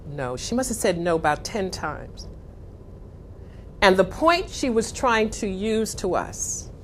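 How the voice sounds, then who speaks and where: A middle-aged woman giving a motivational talk, telling a story with dramatic pauses. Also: mid-range voice, a bit bright, a little hiss or hum. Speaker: speaker.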